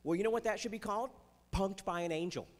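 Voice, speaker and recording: A man's voice: sits high, fast, long reverb tail, slight background noise. A man doing chatty Christian stand-up comedy on stage, with playful jokes and asides. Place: festival stage before a live audience.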